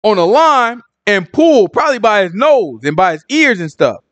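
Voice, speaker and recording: Animated man with street slang. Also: high-pitched, moderate pace. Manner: street slang, repeats "you know what I'm saying"; animated and joking. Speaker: Bible teacher. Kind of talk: casual Bible study commentary.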